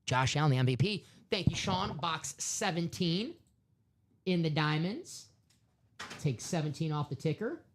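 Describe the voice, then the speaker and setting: A man's voice: fairly high pitch, unhurried, a little hiss or hum. Chatty male card-break host. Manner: chatty, excitable, rambling with fillers. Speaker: host of a live sports card break stream. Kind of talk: casual live-stream patter.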